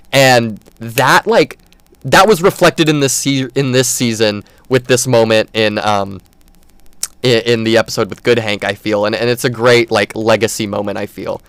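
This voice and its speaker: Chatty man with a smooth voice. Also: mid-range voice, normal speed, fairly bright tone, no echo. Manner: enthusiastic, rambling with many fillers. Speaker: podcast host. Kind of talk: casual chat.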